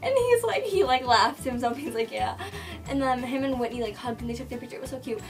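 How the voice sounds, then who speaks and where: Music plays clearly behind a young vlogger who is slightly distant from the mic. Her voice is a little high with fairly even intonation, and she tells her story rapidly and breathlessly, packed with "like" as she re-enacts the dialogue.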